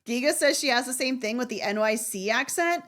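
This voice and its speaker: A young woman with a high, bright-sounding voice chats with her stream, her Southern US accent fading at the edges. She rambles and restarts her thoughts, leaning on "like" constantly, into a streaming mic. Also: animated. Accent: faint Southern US. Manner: rambling, heavy on "like" and restarts, quick laughs. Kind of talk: casual chat with viewers.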